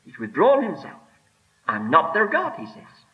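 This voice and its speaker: Preacher guy giving a sermon, voice swings way up and down, kinda high, muffled old tape sound. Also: huge pitch swings. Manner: emphatic, rising and falling delivery with slow stressed phrases. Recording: dull lo-fi sermon recording.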